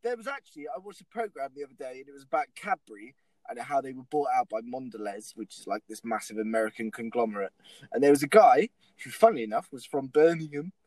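A man's voice: medium pitch, expressive, fast talker, darkish tone, no room sound, rough recording. A man in casual chat, telling rambling anecdotes and swearing freely.

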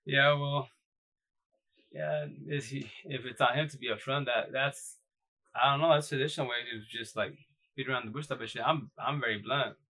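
A man's voice: medium pitch, fairly even intonation, normal speed, long pauses, bright, forceful tone, rough recording. A man hosting a casual live stream, talking bluntly in loose slang with many restarts. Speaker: live-stream host giving dating advice. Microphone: phone or computer mic on a live stream.

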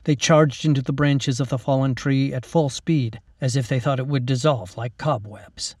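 A man, the author, narrating his own story in a steady, dramatic reading. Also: mid-range voice, moderate pace, husky, dry recording, studio quality, far from the mic. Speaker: author and reader. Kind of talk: scripted narration.

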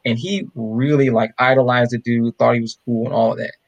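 Here the co-host's mid-range voice moves a little fast through a lo-fi recording. Chatting casually on his podcast, he tells stories with energy and imitates the voices of people in them.

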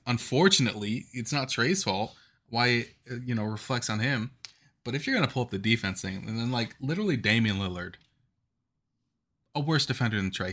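A man's voice: mid-range voice, pushed and bright. A man in his twenties co-hosting a podcast, talking in a passionate, rambling, emphatic way in casual sports chat. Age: 20s. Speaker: podcast co-host.

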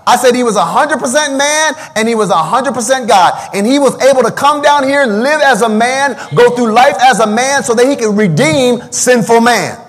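A man's voice: very high-pitched, moderate pace, few pauses, fairly bright tone. A man preaching a sermon as pastor, calling out to his online viewers and sometimes singing hymn lines. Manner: preaching with call-and-response, breaks into singing a hymn. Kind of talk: livestreamed sermon. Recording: long hall reverb.

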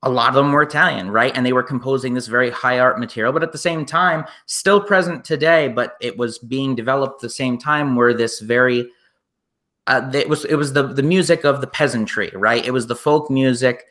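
A man's voice: medium pitch, brisk, sharp tone. A man co-hosting a casual music podcast, rambling through ideas with frequent "right?" asides. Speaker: podcast co-host.

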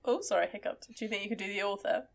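A woman co-hosting a book podcast in casual chat, teasing dryly and pausing on fillers. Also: medium pitch, creaky. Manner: teasing, dry, hesitant with fillers. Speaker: podcast co-host.

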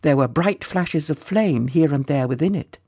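A narrator reading a children's storybook aloud in a gently expressive way. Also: mid-range voice, moderate pace, breathy edge.

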